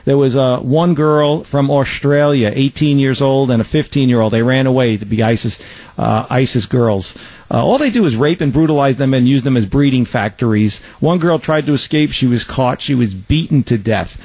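A man's voice: mid-range voice, normal speed, a little mellow, no room sound, muffled recording. A man hosting a talk radio show, delivering an opinionated, sarcastic monologue with frequent fillers and restarts.

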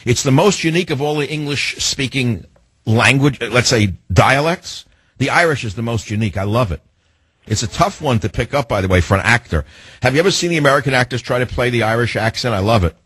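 A man's voice: medium pitch, animated, fast, fairly bright tone, slightly rough, no echo. A man hosting a radio talk show, talking in an opinionated, emphatic and rambling way into a studio microphone.

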